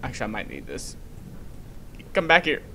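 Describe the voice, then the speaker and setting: A man's voice: medium pitch, huge pitch swings, moderate pace, heavy background noise. Jumpy young man playing a horror game. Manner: jumpy, easily scared, shrieks and nervous laughter. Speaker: gamer narrating his play. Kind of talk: horror game let's play commentary.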